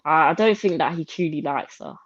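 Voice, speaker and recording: A woman's voice: sits low, fairly quick, no echo. A woman co-hosting a podcast, giving casual reality-TV commentary in an incredulous tone and quoting people in mocking voices. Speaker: podcast co-host. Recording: slightly dull, lo-fi audio.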